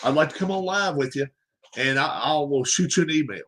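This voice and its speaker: A man's voice: on the high side, animated, a little fast, a bit bright, slight background noise. A man hosting a sports livestream, ranting emphatically, repeating points and firing off rhetorical questions. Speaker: livestream host. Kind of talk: opinionated sports rant.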